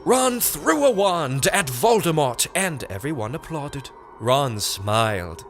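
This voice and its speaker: Male audiobook narrator, deadpan comic read, unhurried, sing-song pitch. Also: a little hiss or hum. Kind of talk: deadpan reading of a comic nonsense story.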